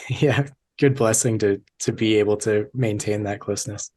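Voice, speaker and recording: Man hosting, gentle and halting. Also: on the low side, steady tone. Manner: warm, halting, many fillers. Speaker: podcast host. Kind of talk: casual interview.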